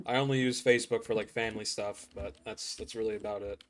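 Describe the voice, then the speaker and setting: A man's voice: fairly low pitch, fairly even intonation, fast talker. A young man chatting casually to viewers while playing a game, rambling and laughing often. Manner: rambling, laughs often, says "dude" a lot. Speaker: gaming streamer. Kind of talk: casual gameplay chat.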